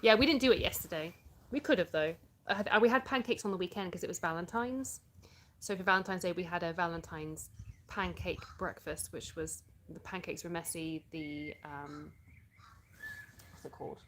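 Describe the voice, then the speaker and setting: A woman's voice: lowish voice, moderate pace, fairly bright tone, slight background noise. A woman with an English accent, chatting casually on a live stream, answering viewer comments, laughing often and sometimes searching for words. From born in the US, raised in England.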